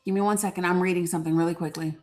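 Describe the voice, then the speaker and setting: A woman's voice: lowish voice, steady tone, very fast, darkish tone, soft background music. Impassioned woman hosting a live stream. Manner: reads legal text aloud, breaking off with fillers and asides; impassioned and outspoken. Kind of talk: casual live-stream news commentary.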